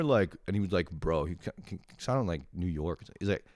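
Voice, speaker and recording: Brief: young male comic, low voice with a wide, lively swing, sarcastic and foul-mouthed, close dry sound. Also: brisk, no room sound. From lives in Montreal. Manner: animated, sarcastic, swears a lot. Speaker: comedian ranting to camera. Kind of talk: profane comic rant.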